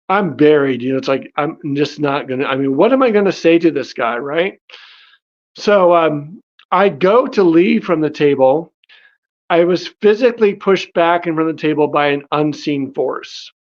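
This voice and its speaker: A man casually telling his life story, animated, with many fillers and restarts. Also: a little high, highs cut off. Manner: animated, acts out quoted dialogue in his own voice.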